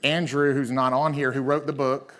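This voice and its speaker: A man's voice: mid-range voice, little pitch movement, moderate pace, a bit bright. A man from South Carolina with a Southern accent, emceeing a live conference with loose, teasing banter. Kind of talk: live stage hosting. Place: conference stage.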